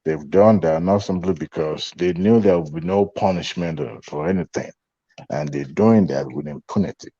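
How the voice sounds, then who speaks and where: A man giving closing remarks on an online panel, speaking slowly with many pauses and fillers. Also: deep voice, mellow, husky, no room sound, dull audio. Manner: slow, halting, many fillers.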